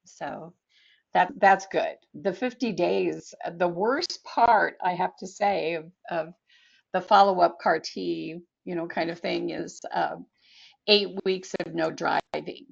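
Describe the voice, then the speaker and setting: A woman speaking slowly and hesitantly with many fillers, chatting in an online support group. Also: lowish voice, creaky, highs cut off. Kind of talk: casual video call chat. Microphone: video call.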